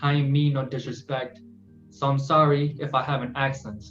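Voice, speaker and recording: A man reciting spoken word poetry in an earnest, measured way. His delivery stays steady and sincere. The recording sounds roomy and a bit dull. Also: medium pitch, faint music behind. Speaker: guest poet. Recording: roomy, muffled podcast audio.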